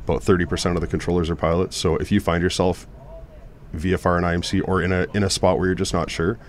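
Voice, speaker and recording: A man's voice: low voice, little pitch movement, fast talker. A middle-aged man, an air traffic controller, telling stories earnestly in a casual panel talk. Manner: earnest, storytelling with many restarts.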